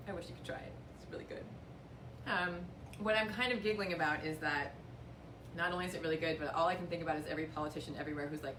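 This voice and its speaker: Talking fast in a low-pitched voice, a cheerful woman walks guests through wine and chocolate in a winery tasting room, joking lightly at her own expense. It's a casual how-to session. The recording is noisy and echoey, captured from afar.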